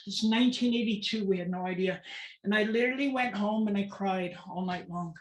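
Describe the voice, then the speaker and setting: A woman's voice: on the low side, steady tone, brisk, echoey room, rough recording. A woman, telling her personal story as a guest speaker in an emphatic, repetitive way. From Southern California, USA. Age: 50s.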